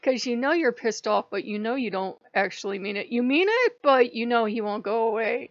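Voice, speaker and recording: Woman, vlog host, rambling, profane, gravelly, dry lo-fi sound. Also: fairly high pitch, expressive, normal speed, hardly any pauses, no room sound. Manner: rambling, profane, laughs often. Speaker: spiritual channel host. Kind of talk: casual vlog monologue. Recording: dull lo-fi, dry.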